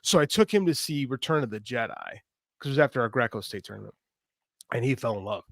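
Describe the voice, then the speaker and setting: A man's voice: medium pitch, fast, dry recording, studio quality. A man in his forties, co-hosting a podcast, telling stories with energy and swearing freely. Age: 40s. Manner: animated storytelling, swears freely. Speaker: podcast co-host. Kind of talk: casual chat.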